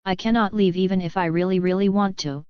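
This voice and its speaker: Brief: woman narrator doing a cheerful service robot, eager and formal, low smooth voice. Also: steady tone, a little fast, no room sound, highs cut off, close to an everyday voice. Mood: chipper. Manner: chipper, formal. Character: chipper eager male maintenance robot.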